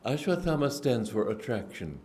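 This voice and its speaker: A man giving a spiritual discourse, telling stories in an unhurried, reflective way with frequent restarts and throat-clearing. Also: medium pitch, very animated, darkish tone. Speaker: spiritual teacher. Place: indoor gathering hall.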